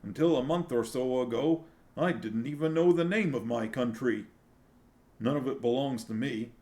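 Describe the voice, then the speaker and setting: A man reading a novel aloud and voicing a starving male serf who speaks flatly and hopelessly, at times quavering. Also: medium pitch, moderate pace, pitched above the performer's own voice, close to an everyday voice. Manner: flat, dead-voiced, then quavering.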